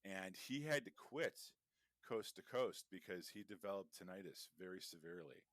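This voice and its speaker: A man's voice: sits low, animated, normal speed, a bit bright, no room sound, clean studio sound. A man co-hosting a podcast, chatting casually with a lot of swearing and wandering tangents. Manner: profane, rambling, digressive. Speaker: podcast co-host.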